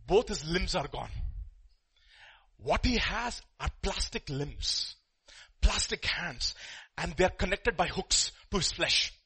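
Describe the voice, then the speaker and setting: A man preaching a sermon, telling a story with sudden loud, emphatic bursts. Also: high voice, lively intonation, slow, husky.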